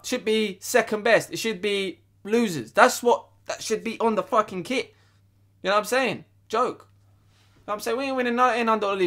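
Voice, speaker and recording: Sweary, high-voiced young man ranting. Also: sharp tone. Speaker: football fan vlogger. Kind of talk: angry fan rant.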